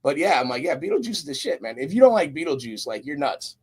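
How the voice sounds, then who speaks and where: A man's voice: on the high side, very animated, quick pace, husky. A young man, a guest on a podcast, chatting casually with lots of slang and storytelling. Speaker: guest, roofing company recruiter.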